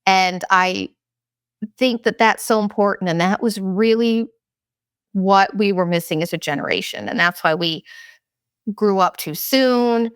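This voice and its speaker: A woman's voice: medium pitch, fairly bright tone, clear, resonant tone, no room sound. Woman, thirties, podcast host, blunt and profane, confessional casual talk, dry close sound. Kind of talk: candid casual monologue.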